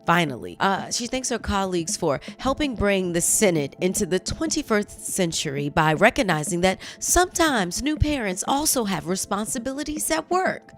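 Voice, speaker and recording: A woman hosting a chatty news commentary show, animated and quick to exclaim. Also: medium pitch, soft background music. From United States. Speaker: host.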